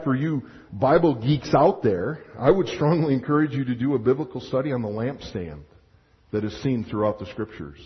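A male pastor preaching a sermon in an animated way, acting out little scenes and restarting his sentences. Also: fairly high pitch. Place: church sanctuary. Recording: muffled sound with long hall reverb.

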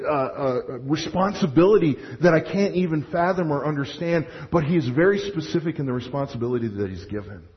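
A male pastor preaching a sermon in an animated way, acting out little scenes and restarting his sentences. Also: a little high. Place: church sanctuary. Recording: muffled sound with long hall reverb.

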